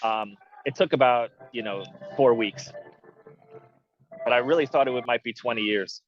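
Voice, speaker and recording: A man's voice: mid-range voice, moderate pace. A man, a film producer, giving candid interview answers with dry jokes. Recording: dull, muffled audio.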